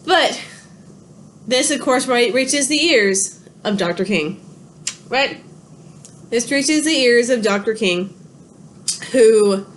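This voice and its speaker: A woman's voice: on the high side, slight background noise. A woman giving a history lecture from her home, telling the story in a loose, conversational way and correcting herself as she goes. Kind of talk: recorded online lecture. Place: home with pets.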